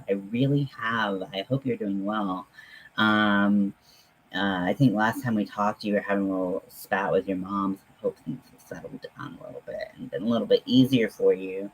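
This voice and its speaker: A man hosting a casual livestream, chatting in a halting, friendly way with many pauses and fillers while talking to viewers at home. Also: lowish voice, breathy edge, low-quality recording. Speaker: livestream host.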